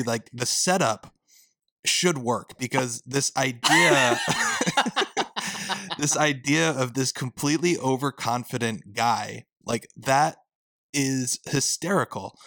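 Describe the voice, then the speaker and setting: A man's voice: mid-range voice, animated, slow, bright, forceful tone, no room sound. A man in a casual podcast chat, often tripping over his first words before making his point. His voice sits dry and close to the mic. He laughs easily along with the others. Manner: stammering restarts, easy laughter. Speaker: podcast co-host. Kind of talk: casual movie review chat.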